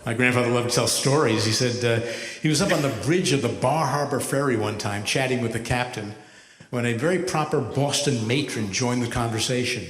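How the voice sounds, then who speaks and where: A man in his seventies, a rabbi doing stand-up comedy, telling stories with a wry, measured delivery and deadpan punchlines. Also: medium pitch. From United States. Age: 70s. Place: large hall with a live audience. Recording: echoey hall from far off.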